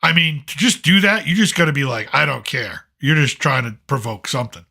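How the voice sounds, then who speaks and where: Blunt sarcastic host, bright voice. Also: male voice, fairly high pitch, lively intonation, brisk, vocal fry. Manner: sarcastic, blunt, profane, rambling. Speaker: late-night show host. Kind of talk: casual ranting commentary.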